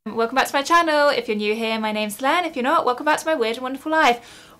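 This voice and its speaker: A woman's voice: high-pitched, fast, few pauses, background noise. A young woman vlogging from home in a chatty, rambling, self-mocking way. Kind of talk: casual vlog chat.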